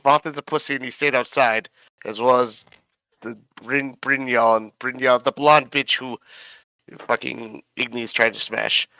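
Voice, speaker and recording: Man, tabletop game recap, rambling, profane, bright tense voice, dry close sound. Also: mid-range voice, fairly even intonation, measured pace, gravelly, dry recording. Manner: rambling, profane, fumbles names. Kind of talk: casual in-character recap.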